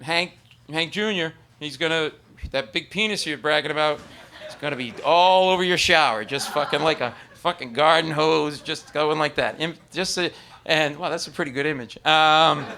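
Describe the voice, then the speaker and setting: A man's voice: a little high, fairly quick, pushed and bright. A middle-aged man doing a stand-up comedy set on a club stage, rambling and profane, acting out both sides of arguments. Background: audience laughter.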